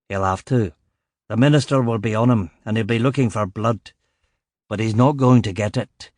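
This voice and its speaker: A man voicing a gruff, imposing older male police chief superintendent, with a gravelly Glaswegian accent and a blunt, commanding manner. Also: on the low side, no room sound, clean studio sound, natural voice.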